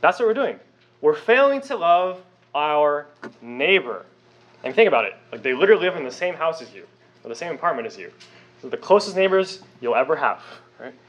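A man's voice: on the high side, big pitch swings, a little fast. A young man preaching a sermon, emphatic and conversational, with frequent rhetorical questions. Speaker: pastor.

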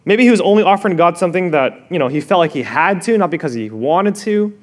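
A male pastor preaching a sermon, expressive, dropping to a hush and rising again, asking the listeners questions directly. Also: high voice, quick pace. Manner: expressive, swings from loud to hushed.

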